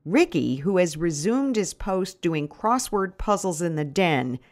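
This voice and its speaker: A middle-aged woman reading her first-person memoir in a wry, deadpan storytelling manner. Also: on the low side, a little slow. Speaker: narrator.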